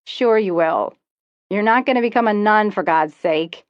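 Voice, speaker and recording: Woman reader doing a loud, teasing teen girl, blunt and crude, dry dull sound. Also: medium pitch, moderate pace, no echo, lightly acted. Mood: pushy.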